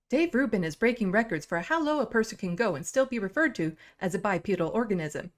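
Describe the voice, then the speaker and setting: Host, woman, political commentary; high lively delivery, sarcastic and cutting. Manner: sarcastic, cutting put-downs.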